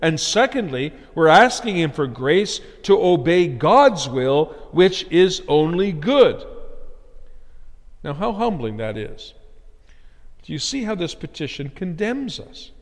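A man's voice: on the high side, big pitch swings, slow pace. Earnest preaching man in a reverberant hall. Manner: earnest preaching, rising emphasis on key phrases. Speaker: pastor. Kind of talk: sermon.

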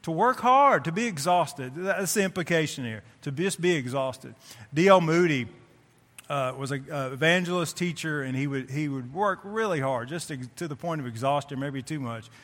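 A man preaching a sermon to his congregation. He stresses key phrases by repeating them and reads scripture slowly. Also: on the high side, a bit bright. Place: church sanctuary. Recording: long reverb of a church hall.

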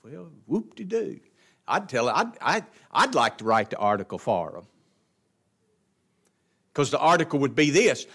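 A man's voice: medium pitch, sing-song, unhurried, long pauses, fairly bright tone, slightly rough. A man teaching an adult Bible class verse by verse, in a folksy, emphatic preaching manner that repeats words for stress.

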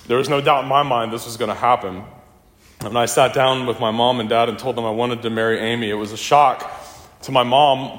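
Man giving a eulogy in an echoey church. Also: mid-range voice. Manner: reflective storytelling, with warm anecdotes. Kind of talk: funeral eulogy. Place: church in a large hall.

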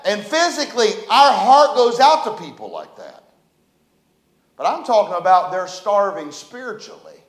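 A man preaching a sermon as pastor, telling stories and acting out scenes with shouts. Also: sits high, very animated, moderate pace. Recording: echoey church room.

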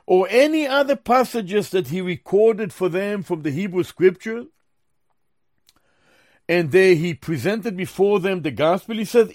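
Slow, emphatic high-pitched male preacher. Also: a little mellow, no echo, studio quality. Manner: slow, emphatic Bible teaching, addresses listeners as beloved brothers and sisters. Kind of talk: sermon.

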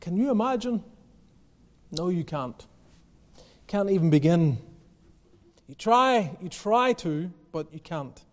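A man's voice: high voice, expressive, takes it slowly, long pauses, big-room sound. A male pastor preaching a sermon, building with emphatic repetition and rising intensity.

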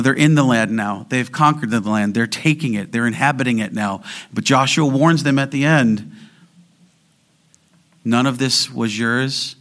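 A man preaching a sermon as pastor, moving between quiet explanation and loud, emphatic exhortation. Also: mid-range voice.

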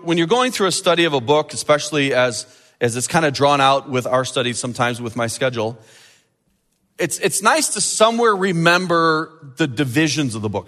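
A man preaching a sermon as pastor, animated and building to emphatic peaks. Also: fairly high pitch, in a large hall.

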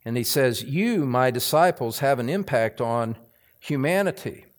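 A male pastor preaching a sermon, building to emphatic, forceful stress on key lines. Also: mid-range voice, lively intonation, measured pace. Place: church sanctuary.

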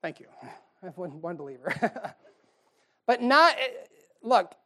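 A middle-aged man preaches to his congregation in a homespun, joking manner. His voice climbs into loud, emphatic bursts, then drops low for quiet asides. He sounds like a pastor at the pulpit of his church. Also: sing-song, slow pace. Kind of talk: sermon. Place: church sanctuary.

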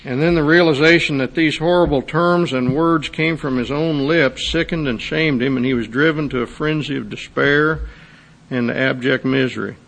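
A man's voice: a little high, moderate pace, vocal fry, fairly bright tone. A man preaching a sermon, reading a testimony aloud and then expounding on it with rising intensity. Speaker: pastor.

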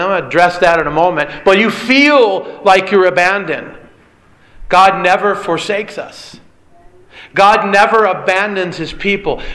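Bright high-voiced man preaching earnestly. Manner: earnest preaching, emphatic, addresses listeners as beloved. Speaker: pastor. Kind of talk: sermon.

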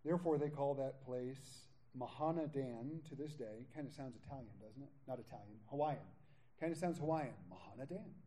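A man's voice: medium pitch, normal speed, a little hiss or hum, poor audio. A man teaching verse by verse through a Bible passage, reading scripture aloud and breaking in with casual jokes and asides. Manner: animated, jokey asides and casual paraphrase between readings. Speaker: pastor teaching a Bible study. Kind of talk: conversational verse-by-verse sermon.

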